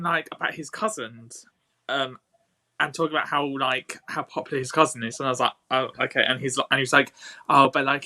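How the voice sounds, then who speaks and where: A man, co-hosting a casual podcast over a video call and telling a story in a lively, swearing way. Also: mid-range voice. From England. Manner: animated, swearing, lively quoted dialogue. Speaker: co-host.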